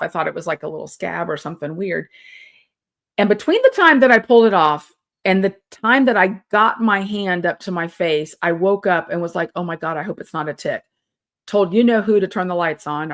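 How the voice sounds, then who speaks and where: A middle-aged woman, chatting casually as host and telling a long story with many fillers and restarts. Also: medium pitch. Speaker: yarn studio owner and vlog host.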